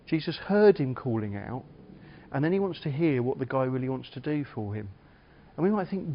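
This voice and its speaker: A man's voice: medium pitch, expressive, normal speed, dull audio. A middle-aged man with an English accent, a minister giving a short, chatty sermon with humorous stories. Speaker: lead minister.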